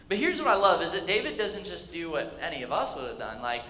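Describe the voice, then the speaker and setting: A young man preaching to his youth group with a high, bright, forceful voice. He tells the story in a loose, joking way and slips into the characters as he goes. His voice rings through a large hall with long reverb. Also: very animated, quick pace, slight background noise. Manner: casual, joking, acts out the characters. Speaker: youth pastor. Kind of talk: storytelling sermon. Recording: echoey hall with faint ambience.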